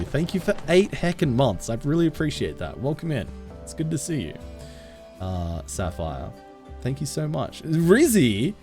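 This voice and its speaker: With a mid-range, gravelly voice of dark tone, a man chats playfully with viewers while streaming a game from home. Into his desk mic, he jokes and reads their messages aloud in a casual live-stream chat.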